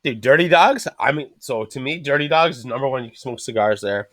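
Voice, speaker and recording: This is a man hosting a casual podcast chat, speaking at a medium pitch and a quick pace with no room sound. He swears constantly and tells his stories with animation, acting out the people he quotes.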